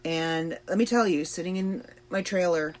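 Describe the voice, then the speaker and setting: A woman hosting a podcast, talking slowly and thoughtfully about personal struggles with pauses and fillers. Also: lowish voice. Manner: slow, reflective and emotional, with pauses and fillers. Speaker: podcast host. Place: trailer in a backyard.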